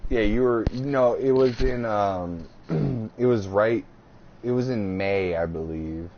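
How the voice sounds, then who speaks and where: A man's voice: on the low side, slow pace. A man in his thirties co-hosting a podcast, telling a crude, rambling story in casual chat. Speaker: podcast co-host. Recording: slightly dull podcast audio with faint hiss.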